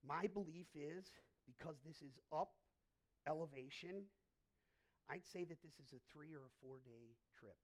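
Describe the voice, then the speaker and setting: A male pastor preaching a sermon in a church, telling stories in an animated way and often restarting his sentences. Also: fairly high pitch, measured pace. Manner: animated storytelling, frequent restarts.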